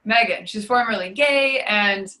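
A young woman with a bright, forward voice tells her personal testimony in a sit-down interview. She talks in a confessional way, full of fillers and asides. On the hard moments her voice sinks to a hush. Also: medium pitch, unhurried, slight background noise, rough recording. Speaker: guest sharing testimony.

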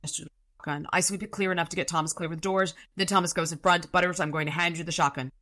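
A woman's voice: fairly low pitch, steady tone, fast talker, sharp tone. A woman reading the lines of a stubborn, wounded wizard who gives firm, urgent orders in her own voice. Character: stubborn, wounded wizard man taking charge.

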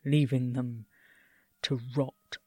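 Man, hushed horror narration, slow, dry close sound. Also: medium pitch, flat delivery, no echo.

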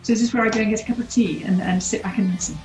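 A woman co-hosting a casual discussion, explaining points in a measured, deliberate way. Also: mid-range voice, darkish tone, roomy sound, faint music behind, poor audio. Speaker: co-host, leads people teams.

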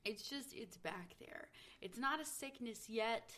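A woman's voice: fairly high pitch, expressive, unhurried, sharp tone. A woman co-hosting a podcast in casual, playful chat, a little under the weather with a slightly sore throat and yawning often. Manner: chatty and playful, yawns often. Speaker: podcast co-host.

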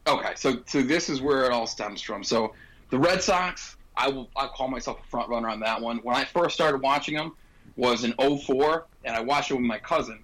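A young man from upstate New York, a podcast guest who tells relaxed, self-deprecating stories. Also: mid-range voice, moderate pace, low-quality recording. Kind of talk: casual chat.

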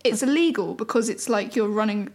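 A woman's voice: on the high side, fairly quick, a little mellow. A young woman co-hosting a casual chat, telling rambling stories with frequent giggles. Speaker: co-host.

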